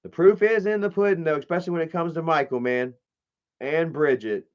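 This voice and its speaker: A man talking on a casual livestream in a profane, animated, mocking way. His voice sits a little high for a man. The audio is muffled and lo-fi. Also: fairly quick. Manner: profane, animated, mocking, reads chat aloud. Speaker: live streamer.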